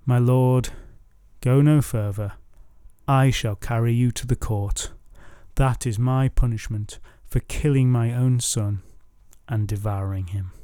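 A man reading the lines of a weary queen in a flat monotone, with a mellow, dry voice. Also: mid-range voice, takes it slowly, smooth, dry recording, close to an everyday voice. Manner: flat monotone, devoid of emotion. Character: grieving queen, woman, numb and weary.

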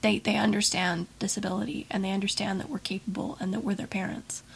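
A woman's voice: mid-range voice, level tone, fast, vocal fry, slightly rough. Reflective woman interview host. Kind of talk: conversational interview.

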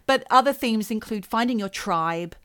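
A woman's voice: a little high, animated, moderate pace, fairly bright tone, clear, resonant tone, no room sound. A woman co-hosting a casual chat, joking and swearing casually as she talks. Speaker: podcast co-host.

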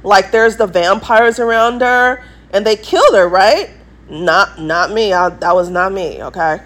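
A woman vlogger with an English accent speaks to her viewers in a rambling monologue, her medium-pitched voice unhurried and fairly bright. She's emphatic and insistent, repeating herself to drive points home.

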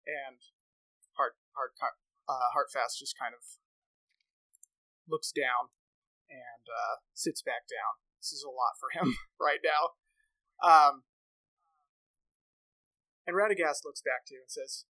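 Slow-talking man running a tabletop game. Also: on the high side, no echo, rough recording. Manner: relaxed, hesitant, many fillers. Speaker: game master.

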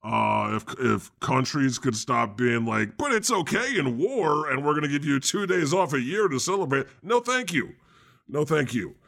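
A man playing God as a laid-back, slangy deity with a deadpan delivery in an improvised comedy interview. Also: medium pitch, moderate pace, creaky. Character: God, a casual jaded male deity.

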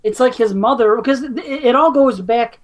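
A woman's voice: fairly high pitch, moderate pace. A woman co-hosting a podcast, chatting casually and profanely about a film and laughing often. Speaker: podcast co-host. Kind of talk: casual chat reviewing a film.

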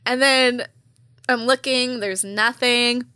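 A young woman tells a story in casual talk, animated and quick to laugh, swearing freely. Her voice is bright and pitched a little high. The sound is dry and close. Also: smooth, no echo. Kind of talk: casual conversation.

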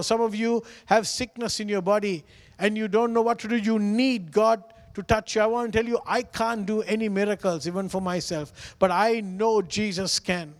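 High-voiced pastor preaching in a reverberant hall. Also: male voice, normal speed. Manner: earnest, pleading, repeats phrases for emphasis. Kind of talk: sermon.

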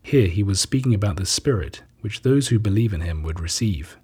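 A man giving a steady scripted scripture reading in a husky voice. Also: on the low side, fairly quick. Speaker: reader.

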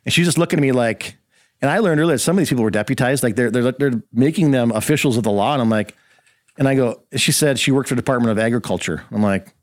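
A man's voice: mid-range voice, quick pace, dry recording, clean studio sound. A man guest-hosting a casual talk show, telling a long story and acting out the voices of the people in it. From rural Minnesota. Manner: animated storyteller acting out quotes. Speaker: guest host.

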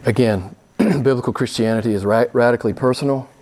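A middle-aged male preacher delivering a sermon with passion, his voice jumping from hushed asides to sudden high, emphatic rises. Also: a little fast. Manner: impassioned, swings from quiet to loud with sudden rises.

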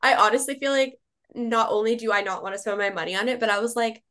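A woman's voice: fairly high pitch, fast, fairly bright tone. A young adult woman chatting casually with a friend as a podcast co-host, giggly and chatty, filling her talk with "like". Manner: giggly, chatty, says "like" often.

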